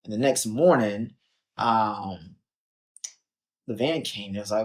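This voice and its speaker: On a podcast, a young Chicago man shares his story with casual, animated energy, performing the quotes and filling with "like" and "um." His pitch is fairly low and his delivery brisk.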